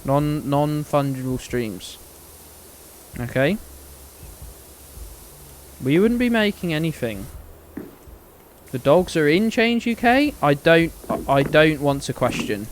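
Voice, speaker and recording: A man's voice: fairly high pitch, sing-song, slow pace, pauses often, a little hiss or hum, poor audio. A man streaming a game, chatting casually to his viewers in a rambling, sweary, joking way.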